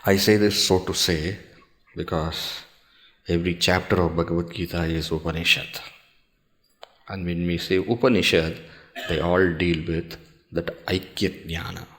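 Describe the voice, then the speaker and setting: Deep voiced swami teaching scripture, slow and careful, asks questions, recites sanskrit verses. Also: male voice, fairly even intonation, fairly bright tone. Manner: slow, measured explaining with pauses and rhetorical questions. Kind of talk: scripture discourse.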